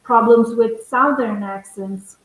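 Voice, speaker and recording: Slow-talking woman in an echoey room. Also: on the high side. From northern United States. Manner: thoughtful, pausing to find words. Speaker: English teacher. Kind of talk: live online lesson chat.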